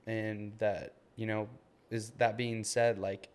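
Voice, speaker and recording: A man's voice: lowish voice, flat delivery, slow pace, darkish tone, clear, resonant tone. A man in his twenties co-hosting a podcast, chatting casually and loosely, with lots of "like" and "man". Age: 20s. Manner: loose and rambling, heavy on "like" and "man". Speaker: podcast co-host. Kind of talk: casual chat.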